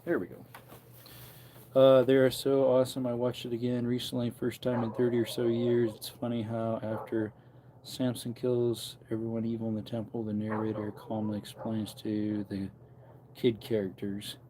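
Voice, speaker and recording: A man's voice: mid-range voice, completely flat delivery, moderate pace, noisy background. A man in his thirties chatting casually on a livestream, rambling and answering chat comments aloud, outdoors near farm animals. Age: 30s.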